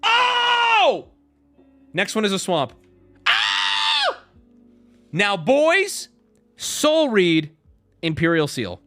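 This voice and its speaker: Joking male streamer shouting at rare cards. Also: sits high, sing-song, slow pace, soft background music. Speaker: streamer opening card packs. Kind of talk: casual live-stream chat.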